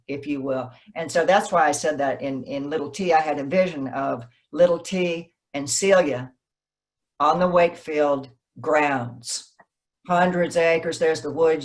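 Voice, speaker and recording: A woman novelist, a guest in an interview, telling stories in a lively way and acting out what people said. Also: deep voice. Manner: animated, acts out quoted dialogue. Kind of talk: conversational interview, storytelling.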